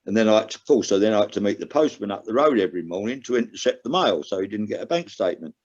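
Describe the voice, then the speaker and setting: Speaking in a fairly low, animated voice at a racing pace, an older podcast guest recounts his life as a recovering gambler with candor. He is earnest and emotional, climbing sharply in pitch to drive points home, all heard through dull lo-fi audio.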